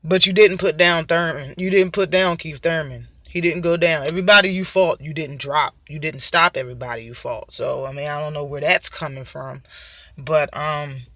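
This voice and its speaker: A man's voice: on the high side, normal speed, bright, forceful tone, dry recording, clean studio sound. A man hosting his own show, giving casual, heated commentary on boxing with a profane, mocking manner.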